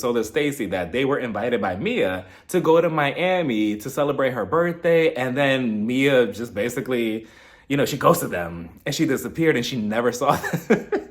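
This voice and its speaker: A man giving a casual, mocking recap of a reality TV episode, slipping into quick impressions. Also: medium pitch. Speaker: TV recap reviewer.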